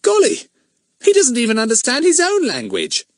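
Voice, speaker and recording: A man's voice: very high voice, huge pitch swings, slow pace, dry recording, studio quality, voice pushed up, exaggerated voice. A bold, outspoken schoolboy in a children's storybook who says exactly what he thinks, as a man puts him on. The voice is raised well above a man's own and stays punchy. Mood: disgusted. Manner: blunt and emphatic.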